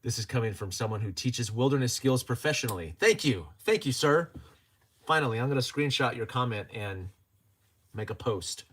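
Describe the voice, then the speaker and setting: A man's voice: medium pitch, lively intonation, normal speed, fairly bright tone, husky. A man hosting a casual livestream, chatting and joking as he reads viewer comments aloud and laughs often. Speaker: livestream host.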